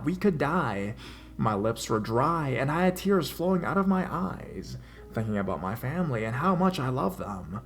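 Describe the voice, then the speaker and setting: A man narrating a horror story as a scripted reading, dramatic, with his pitch and loudness swelling in the tense parts. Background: faint music.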